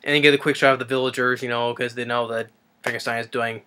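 A man's voice: mid-range voice, level tone, fast talker, bright, forceful tone. A man casually retelling a film's plot as a reviewer, rambling and hesitant with many fillers and restarts. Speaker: movie reviewer.

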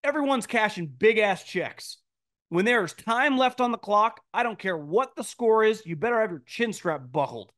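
Podcast host, male, slightly high voice, blunt opinionated mailbag commentary with lots of restarts. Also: animated, moderate pace, a bit bright, dry recording, studio quality. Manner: blunt, emphatic, mocking quoted voices in a high pitch; frequent restarts and stammered repeats. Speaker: podcast host answering listener mail.

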